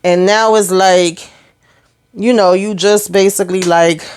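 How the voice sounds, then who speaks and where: A woman's voice: mid-range voice, steady tone, a little mellow, clean tone. A woman giving a casual recap of a TV episode, sassy and chatty, scolding the characters directly as she retells scenes. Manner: sassy, talks straight to the characters; retells scenes in quick back-and-forth paraphrase. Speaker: TV show reviewer.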